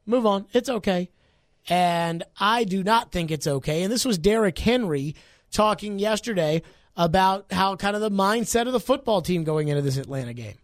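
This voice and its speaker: A man's voice: high-pitched, animated, moderate pace, no echo. Sports radio host, male, argumentative and fired up; dry booth sound. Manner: worked up, argumentative. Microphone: studio mic.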